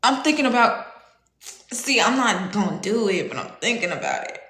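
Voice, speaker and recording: A woman's voice: medium pitch, big pitch swings, moderate pace, bright, forceful tone, reverberant. A young woman chatting on a livestream, rambling and swearing, with frequent laughs. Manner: rambling, profane, slangy, laughs often. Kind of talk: casual livestream chat.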